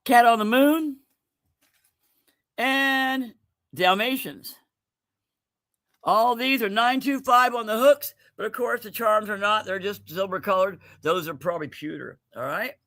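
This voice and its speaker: A man's voice: high-pitched, unhurried, pauses often, fairly bright tone. A man hosting a casual livestream giveaway, joking loosely, laughing often and calling out to viewers by name. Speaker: livestream host running a giveaway.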